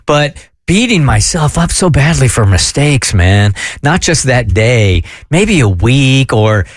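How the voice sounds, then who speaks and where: Reflective man giving gentle advice. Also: medium pitch, sing-song, takes it slowly, no echo, clean studio sound. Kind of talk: casual chat.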